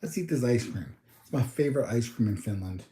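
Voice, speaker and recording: The young US livestream host talks a little fast with lively intonation, his voice medium-pitched and mellow in a roomy-sounding space. He rambles casually, speaking to chat and reasoning aloud through numbers.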